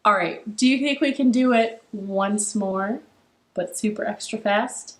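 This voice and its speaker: A woman hosting a children's storytime, reading a story aloud and cheering the kids on in an animated, encouraging way. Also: medium pitch, measured pace. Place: living room. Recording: echoey living room.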